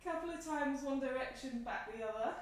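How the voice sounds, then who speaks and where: A woman with a high, light voice guides a yoga flow, her calm cues timed to each inhale and exhale. She sounds slightly winded as she moves. Her voice rings around a bare, echoey room, picked up from a few steps away. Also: brisk, a little hiss or hum. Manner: calm, encouraging cues paced with the breath. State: slightly out of breath. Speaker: yoga instructor. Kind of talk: guided yoga class instruction. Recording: echoey room, mic at a distance.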